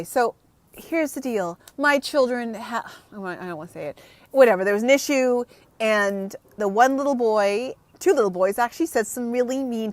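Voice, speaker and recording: Brief: woman, 30s, home vlogger, rambling and teary, slightly high voice, dry close sound. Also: no room sound. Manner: emotional, on the verge of tears; rambling, frank, with swearing. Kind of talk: unedited casual vlog chat.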